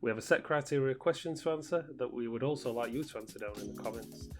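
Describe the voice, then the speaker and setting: A man hosts a podcast, dry and matter-of-fact as he keeps things moving. His voice sits at a middle pitch for a man. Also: fast, faint music behind. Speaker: podcast host. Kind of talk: casual chat.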